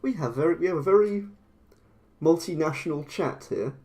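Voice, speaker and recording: A man's voice: on the high side, lively intonation, moderate pace, mellow. An English man chatting casually on a live stream while making clay models. He rambles and laughs often. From England. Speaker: claymation streamer.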